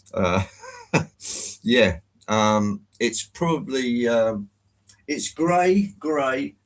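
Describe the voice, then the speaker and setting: A man hosting a live stream in a genial, rambling way, greeting viewers one by one. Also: fairly low pitch. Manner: genial, rambling, chatty with fillers.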